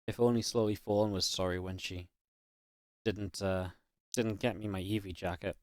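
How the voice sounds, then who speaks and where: A young esports caster from northeast England, with a light Geordie accent, casually casts a game and rambles with viewers on a live stream. His voice sits low with a darkish tone and fairly even intonation at a moderate pace, recorded dry in studio quality.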